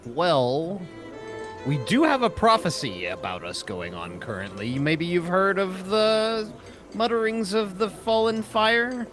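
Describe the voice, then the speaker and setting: High-voiced man playing a tabletop game. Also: sing-song, slow pace, fairly bright tone, faint music behind. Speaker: player. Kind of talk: in-character tabletop play.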